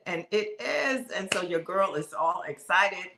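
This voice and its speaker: Bubbly low-voiced woman hosting a live stream. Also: a little slow, few pauses, bright, forceful tone, echoey room. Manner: bubbly, preachy, talks straight to viewers. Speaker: live show host. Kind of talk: excited live-stream chat.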